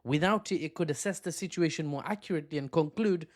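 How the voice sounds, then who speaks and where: A man hosting opinionated geopolitical commentary, talking with animated, self-mocking asides. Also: a little high, fast, hardly any pauses. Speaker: host.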